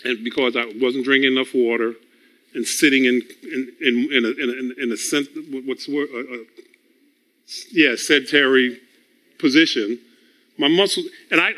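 A man's voice: medium pitch, moderate pace, pushed and bright. A man preaching a conversational sermon, telling personal stories in a teaching tone, chuckling often and repeating words as he builds toward a point. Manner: storytelling, teaching tone.

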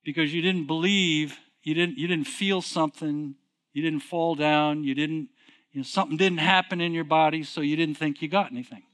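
A middle-aged preacher with a voice pitched a little higher than most men. He talks to the congregation conversationally and keeps throwing questions at them. He drops to quiet, low stretches and then rises to emphatic, forceful lines. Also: steady tone, normal speed. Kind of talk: sermon.

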